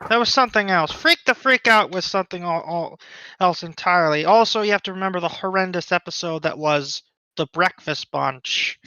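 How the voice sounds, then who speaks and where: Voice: mid-range voice, fairly quick, pushed and bright, clean tone, dry recording, muffled recording. A podcast co-host in casual chat, rambling with lots of "like" and restarts.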